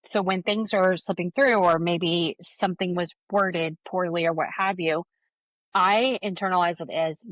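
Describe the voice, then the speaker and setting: A woman's voice: on the low side, steady tone, a little slow, fairly bright tone, dry recording. A woman co-hosting a casual business podcast, candid and reflective with wry asides. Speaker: podcast co-host.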